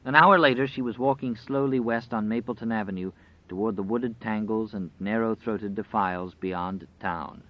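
A man narrating an audiobook in a measured, dramatic storytelling manner. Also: lowish voice. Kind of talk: scripted narration. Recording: dry, slightly dull recording.

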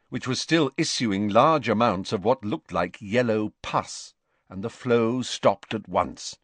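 A man narrating an audiobook in a measured, expressive storytelling voice. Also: mid-range voice, dry recording. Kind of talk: scripted narration.

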